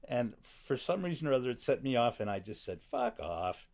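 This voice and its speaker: A man's voice: mid-range voice, animated, fast, darkish tone. A man speaking as a podcast guest in a studio back room, reflective and wry, with a teasing humor. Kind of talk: casual conversation.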